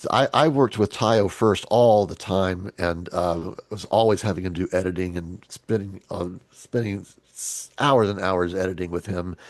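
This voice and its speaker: Lowish voiced guy rambling on a team video call, joking, lots of restarts, dry sound. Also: a little mellow, no room sound. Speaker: team leader. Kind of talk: casual team meeting talk.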